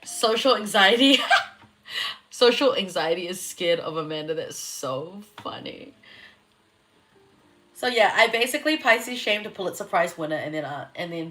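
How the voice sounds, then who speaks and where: A woman's voice: on the low side, animated, a little slow, a bit bright, slight background noise. A young woman, an astrologer chatting loosely on a livestream, giggly, swearing and reacting to viewer comments. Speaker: astrologer hosting a live reading. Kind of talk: casual livestream chat.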